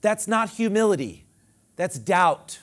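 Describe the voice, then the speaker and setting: A male pastor delivers an animated sermon in a fairly high voice. His pitch leaps and falls widely, rising to loud emphatic proclamations before dropping to quiet, low asides. He leads the congregation in call-and-response. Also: slow pace.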